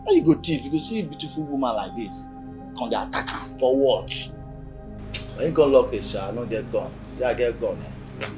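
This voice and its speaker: A man plays a streetwise young Nigerian man with a thick Pidgin accent, relaxed and playfully teasing. His speech swings in lively pitch as he flatters and jokes. Nollywood film acting. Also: fairly quick, over music, lightly acted. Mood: easygoing. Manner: teasing, easygoing, mixes Pidgin and English.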